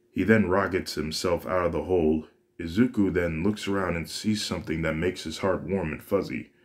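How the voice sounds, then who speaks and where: A man casually narrating a fan-made story, often stopping to restart and correct himself. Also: low-pitched. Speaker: story reader.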